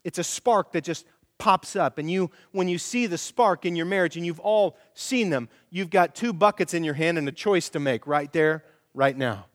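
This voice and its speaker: A middle-aged male pastor preaching a sermon, animated and storytelling, acting out quoted voices. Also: fairly high pitch, normal speed, big-room sound.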